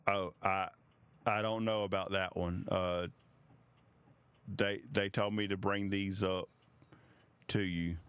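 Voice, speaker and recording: A man's voice: sits low, level tone, slow, pauses often, clear, resonant tone, no room sound, muffled recording, pitched below the performer's own voice. A man doing a hesitant, stammering squire. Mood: unsure. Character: hesitant male squire, unsure servant.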